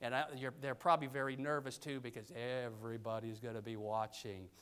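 An older man preaching a sermon, reading scripture and pressing his points with sudden loud stresses. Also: medium pitch, level tone, brisk, smooth. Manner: emphatic, pulpit cadence with sudden loud stresses.

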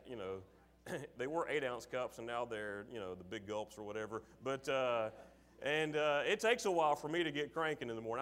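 A man preaching a sermon, moving from casual, filler-laden asides to forceful, emphatic calls to his listeners. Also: mid-range voice. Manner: acts out his father's sarcastic voice.

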